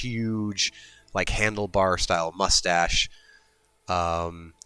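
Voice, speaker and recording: A man playing a tabletop game, slowly describing his character's actions with many hesitations. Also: deep voice, fairly even intonation, pushed and bright, clean tone, faint music behind. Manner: slow, rambling, hesitant, with many ums. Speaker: player.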